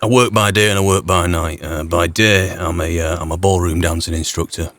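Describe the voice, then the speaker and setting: A man's voice: low-pitched, fairly even intonation, fairly quick, a bit bright. A man playing a blunt, teasing, suspicious frontier fisherman. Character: gruff cagey frontier man who fishes.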